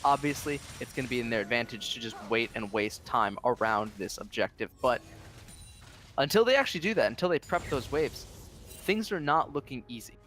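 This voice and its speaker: A man's voice: medium pitch, lively intonation, a little fast, fairly bright tone, faint music behind. A man giving color commentary on an esports match, explaining the play and tagging points with "right?". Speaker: esports analyst.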